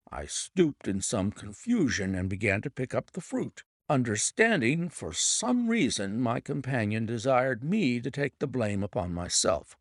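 A man narrating a detective mystery audiobook with dramatic, expressive storytelling. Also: mid-range voice, unhurried, few pauses, no echo, clean studio sound. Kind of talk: scripted narration.

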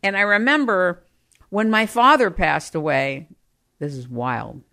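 A middle-aged woman telling personal stories, growing more animated as she goes. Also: lowish voice, measured pace. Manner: animated, grows livelier and louder as she tells anecdotes. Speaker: storyteller. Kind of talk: personal storytelling.

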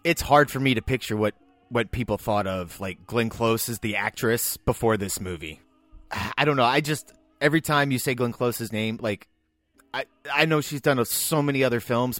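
A man co-hosting a casual film podcast, easygoing and relaxed in his remarks. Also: mid-range voice, normal speed, no room sound. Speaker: podcast co-host.

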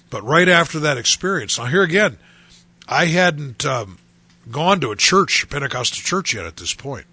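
Halting gravelly male pastor. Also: medium pitch, pushed and bright, no echo. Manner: halting, repeats words and restarts often. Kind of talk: personal testimony talk.

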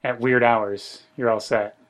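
Dry, teasing podcast host. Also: male voice, mid-range voice, steady tone, unhurried, fairly bright tone. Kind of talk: casual podcast chat.

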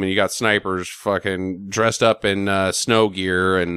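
A man in casual chat recapping a film, animated, swearing freely and dropping into silly voices. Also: low voice, a little slow, clear, resonant tone, no room sound, clean studio sound. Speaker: podcast co-host recapping a film.

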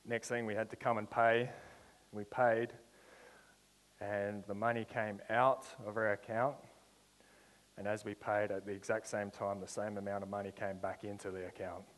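A young man giving a testimony in a sermon, telling a story and then slowing into drawn-out, emphatic declarations of faith. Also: fairly low pitch, level tone, long reverb tail, poor audio. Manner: storytelling with slow emphatic build-ups. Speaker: preacher.

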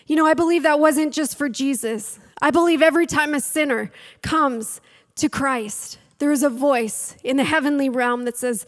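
A woman with a high-pitched voice preaches a sermon at a moderate pace, telling a Bible story and acting out its voices and quotes. Her storytelling builds to fiery challenges, and the recording has a long hall reverb.

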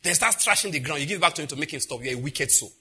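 A man preaching a sermon as pastor, animated and laughing as he acts out what others say. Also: on the high side, racing, husky.

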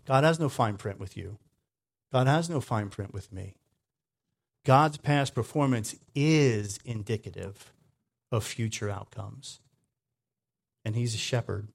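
A man giving a sermon in a conversational way, often checking in with "right?", moving between loud emphatic lines and quiet low asides. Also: measured pace, gravelly, long pauses. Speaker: preacher.

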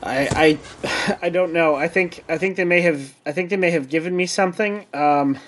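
A man's voice: fairly high pitch, moderate pace, a bit bright, lightly acted. A man voicing a drugged, terrified male government agent strapped down, pleading and stammering. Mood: pleading, dazed.

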